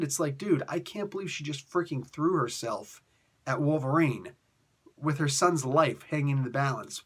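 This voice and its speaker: A man with a slightly higher-pitched voice talks through a comic book review in a loose, casual way. He rambles, backs up to restart his sentences, and drops in exasperated asides. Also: fairly bright tone.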